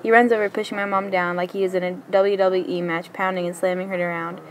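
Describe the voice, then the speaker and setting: A woman reading a story aloud in a quick, plain way, with small stumbles now and then. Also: fairly low pitch, flat delivery, slight background noise, rough recording.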